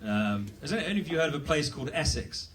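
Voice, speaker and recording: Self-deprecating British comic, a bit off mic. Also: male voice, fairly high pitch, big pitch swings, fast talker, a bit bright, distant mic. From Britain. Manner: self-deprecating, rambling, dry. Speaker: stand-up comedian. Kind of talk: stand-up comedy set. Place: comedy club stage.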